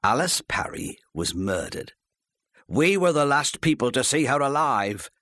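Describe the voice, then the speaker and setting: A man's voice: medium pitch, big pitch swings, moderate pace, no room sound, studio quality, voice pushed up. A man doing a curt, hot-tempered husband. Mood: angry. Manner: curt, emphatic, shouting. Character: short-tempered middle-aged husband, domineering and defensive.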